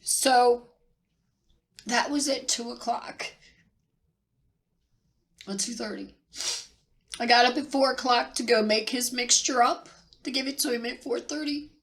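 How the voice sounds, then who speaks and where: A middle-aged woman telling a personal story near tears, halting and repeating herself with pauses. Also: a little high, fairly even intonation, fairly bright tone. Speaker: vlogger sharing personal loss. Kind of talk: tearful personal account.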